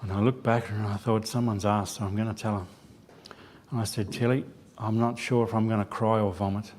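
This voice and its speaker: A man's voice: fairly low pitch, flat delivery, brisk, darkish tone, a little hiss or hum. A man giving a church sermon as a lay preacher, telling a self-deprecating personal story with quoted dialogue. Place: church sanctuary.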